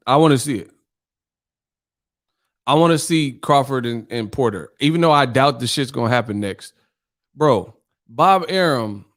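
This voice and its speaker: A man hosting a boxing livestream, chatting casually with his chat, joking and swearing, laughing often and mimicking voices. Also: mid-range voice. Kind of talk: casual livestream chat reading viewer comments.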